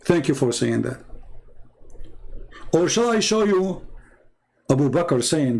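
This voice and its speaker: A man with a slightly high-pitched voice hosts a live debate stream in a combative, mocking way. He speaks non-native English with loose grammar and answers viewer comments by hammering home one rhetorical question after another. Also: sing-song, slow, gravelly, pauses often, a little mellow, rough recording.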